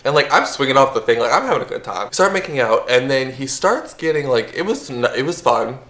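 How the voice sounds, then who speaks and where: A man's voice: medium pitch, expressive, brisk, sharp tone, reverberant. A young man telling a story to camera in a chatty, casual way, full of fillers and swearing. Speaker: vlogger.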